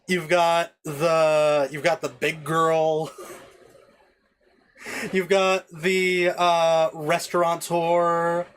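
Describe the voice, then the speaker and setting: A man's voice: a little high, fairly bright tone, slight background noise. A man streaming a game, chatting casually with viewers and rambling with many fillers and restarts at a home desk mic.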